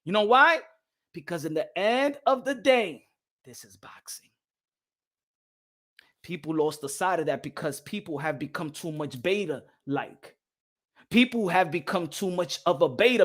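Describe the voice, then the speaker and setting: A man's voice: high voice, lively intonation, normal speed, long pauses, a bit bright. A man hosting a boxing live stream, ranting heatedly, repeating phrases and switching between English and Spanish. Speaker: boxing channel host.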